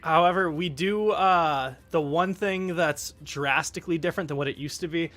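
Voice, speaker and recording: A man's voice: a little high, moderate pace, a bit bright, dry recording. A man who works as an accent coach, explaining pronunciation in a casual chat. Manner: explanatory, fact-sharing.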